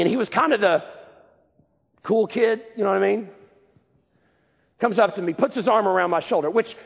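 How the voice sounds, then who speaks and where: A man preaching a sermon, telling a story in a lively, self-mocking way. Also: high-pitched, vocal fry, husky. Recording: lo-fi, echoey hall.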